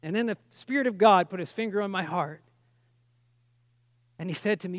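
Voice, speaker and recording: A man's voice: sits high, normal speed, long pauses, no echo. A man preaching a personal testimony sermon, telling the story with strong emotion and frequent restarts.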